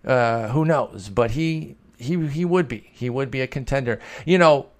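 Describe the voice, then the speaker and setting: A man's voice: medium pitch, moderate pace. A man hosting a podcast, answering listener questions in a chatty, analytical way and thinking aloud with fillers. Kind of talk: casual chat.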